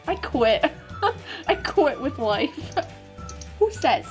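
A gaming YouTuber and server moderator plays a video game while chatting casually with a friend, giggly, playful and self-mocking as she builds. Her high voice is very animated with drawn-out words, and faint music plays behind her.

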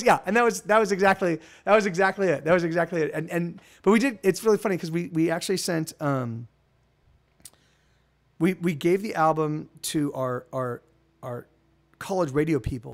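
A man hosting a casual live stream, telling rambling, profane stories with lots of restarts. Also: on the high side.

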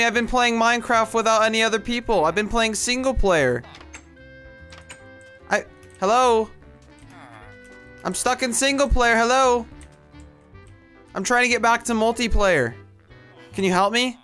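A man's voice: extremely high pitch, unhurried, long pauses, bright, forceful tone, clear, resonant tone, soft background music. A man doing comedic game commentary, complaining in a whiny, exasperated way. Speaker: gameplay skit narrator.

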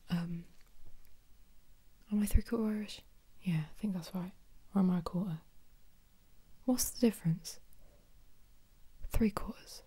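Woman, whispered ASMR chat, warm and airy, rambling, self-deprecating. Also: medium pitch, breathy edge. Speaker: ASMR creator.

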